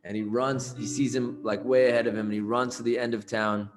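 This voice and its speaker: A man's voice: medium pitch, flat delivery, a little fast. Chatty man telling a story casually. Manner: loose and chatty, many fillers.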